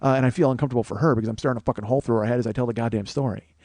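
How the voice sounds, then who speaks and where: A man spins a profane comic story on his podcast, laughing at his own jokes as he goes. His voice sits at an ordinary middle pitch. The sound is close and dry, right on a studio microphone. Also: fairly even intonation, racing, darkish tone, no echo. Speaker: podcast host. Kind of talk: comedic storytelling monologue. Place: small studio, co-host close by.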